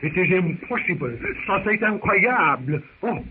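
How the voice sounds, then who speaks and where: Polite French-accented naval officer, highish, old tinny radio. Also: male voice, expressive, moderate pace, noisy background. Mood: courteous. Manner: formal, courteous. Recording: tinny 1930s radio recording.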